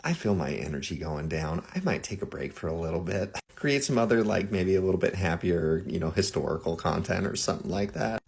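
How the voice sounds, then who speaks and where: A man's voice: sits low, expressive, fairly quick, creaky, hardly any pauses, breathy edge. A man talking casually to his viewers in a vlog, chatty and often checking in with them. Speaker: social media creator.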